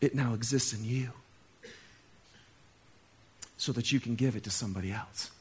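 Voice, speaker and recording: A male pastor preaching a sermon, talking straight to his congregation and swinging between loud exclaiming and soft, hushed stretches. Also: medium pitch, moderate pace, husky. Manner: conversational, talks straight to the congregation.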